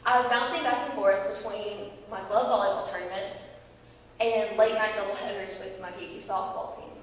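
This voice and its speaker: A young woman giving a church talk, telling a lively story and acting out its people. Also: mid-range voice, normal speed. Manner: lively storytelling, acts out voices. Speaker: youth speaker. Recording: echoey hall, distant mic, faint hiss.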